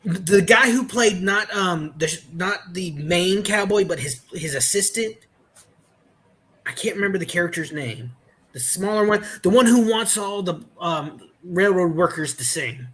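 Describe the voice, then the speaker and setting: A man chatting casually on a podcast, telling stories in a halting way with many restarts and fillers. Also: high-pitched, lively intonation, fairly bright tone. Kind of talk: casual chat.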